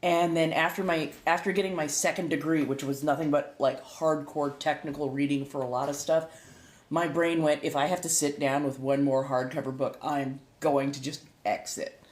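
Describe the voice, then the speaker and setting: Low-voiced chatty woman, echoey room. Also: fairly even intonation, moderate pace. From United States. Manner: rambling, laughs often, self-correcting. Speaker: streamer and tarot reader. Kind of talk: casual chat to live viewers.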